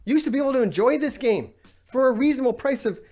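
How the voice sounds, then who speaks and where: A man's voice: very high-pitched, animated, fast, a little mellow. A man ranting on a gaming live stream, exasperated and sarcastic, swearing often while he reads out comments.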